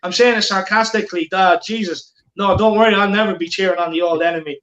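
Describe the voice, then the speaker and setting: Guy hosting a live footy watchalong, higher voice, echoey room, chatty, reads out comments. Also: steady tone, fast talker, fairly bright tone, highs cut off. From Ireland. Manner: chatty, reads viewer comments, banter with co-host. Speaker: watchalong host. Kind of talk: live football watchalong chat.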